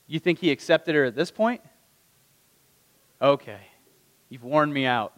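A man's voice: a little high, animated, measured pace, fairly bright tone, long reverb tail. A man preaching a conversational sermon, asking the listeners rhetorical questions and acting out the lines of the people in the story. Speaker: pastor.

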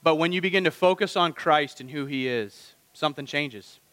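Male pastor, bright and forceful, preaching with lively rhetorical questions; dry close mic with a long hall tail. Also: on the high side, moderate pace. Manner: animated, rhetorical questions to the congregation. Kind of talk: sermon.

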